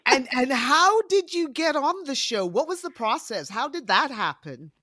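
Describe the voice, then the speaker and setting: A woman's voice: sits high, sing-song, normal speed, bright, forceful tone, no echo, studio quality. A woman interviewing a chef, chatty and enthusiastic about food. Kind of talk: casual interview.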